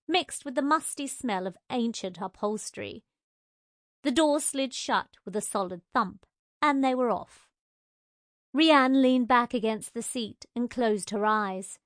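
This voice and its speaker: A woman reads a novel aloud in a measured, gently wry way. Her voice sits a little on the high side. The recording is dry and close, with no room echo. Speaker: audiobook narrator. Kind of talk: scripted narration.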